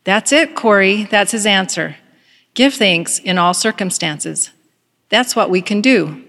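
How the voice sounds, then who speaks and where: A woman voicing a serene, hopeful woman prisoner who gently urges her sister to give thanks. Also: mid-range voice, expressive, measured pace, long reverb tail. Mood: eager. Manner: eager, encouraging, gently insistent.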